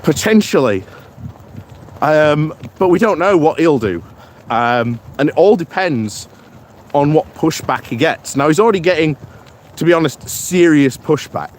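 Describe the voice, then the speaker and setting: A British man hosts a political live stream, chatting casually and reading viewer comments aloud in a slow, rambling way with many fillers. His voice is on the high side and expressive, with slight background noise.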